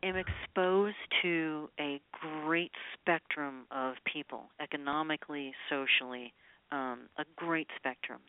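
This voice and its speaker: A woman's voice: deep voice, steady tone, measured pace, clean tone. A woman singer-songwriter chatting as a guest in an interview, rambling with lots of filler sounds. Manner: chatty, rambling with many ums. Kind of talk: casual interview chat. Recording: tinny phone-like line.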